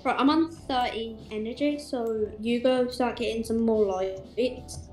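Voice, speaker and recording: A woman's voice: fairly high pitch, measured pace, a little mellow. A woman playing an online game with a friend, giving playful orders and teasing her. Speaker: gamer. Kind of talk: casual gameplay chat. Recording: roomy voice chat with faint game music.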